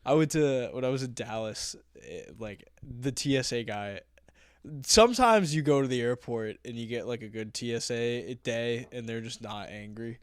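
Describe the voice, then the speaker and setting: Male podcast co-host, mid-range voice, dry mic, quick to laugh. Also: medium pitch, animated, smooth, dry recording. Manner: laughs often, eggs on the story. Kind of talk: casual comedy chat.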